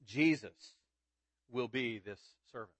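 A man's voice: medium pitch, slow, fairly bright tone, no room sound. Man preaching, dry close sound. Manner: expository preaching, reads scripture aloud, builds to emphatic peaks. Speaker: pastor. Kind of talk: sermon.

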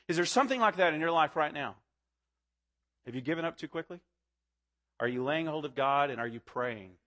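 Earnest pastor preaching. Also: male voice, fairly high pitch, expressive, a little fast, a bit bright. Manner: earnest, building to fervent emphasis. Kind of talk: sermon.

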